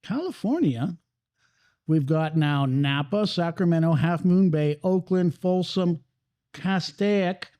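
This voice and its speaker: A man's voice: a little high, lively intonation, slow pace, dark tone, no room sound. A man hosting a podcast in casual chat, rambling and swearing freely as he talks. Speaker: podcast host. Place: cigar lounge.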